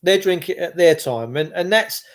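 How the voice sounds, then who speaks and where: A man's voice: high voice, expressive, moderate pace. A middle-aged man delivering an impassioned, rambling monologue, repeating himself and restarting phrases. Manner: impassioned, repetitive, with frequent restarts.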